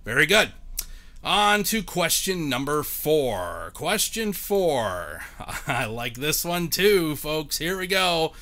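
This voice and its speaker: Man, game show host, high lively voice, playful, chatty with viewers. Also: takes it slowly. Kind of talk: live-streamed game show hosting.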